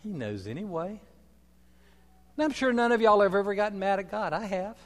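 A man preaching a sermon, telling stories dramatically, swinging from loud declarations to soft asides. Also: high voice, lively intonation, fairly quick. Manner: dramatic storytelling with wide swings in loudness. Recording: long hall reverb.

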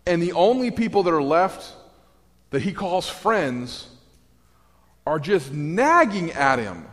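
A man preaching a sermon, telling the story in a wry, animated way with sarcastic asides. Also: a little high, takes it slowly, big-room sound.

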